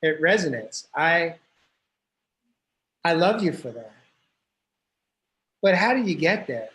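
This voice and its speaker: A man hosting an interview podcast who speaks in a halting, careful way and paraphrases his guest. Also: fairly high pitch, sing-song, a bit bright, low-quality recording. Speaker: podcast host.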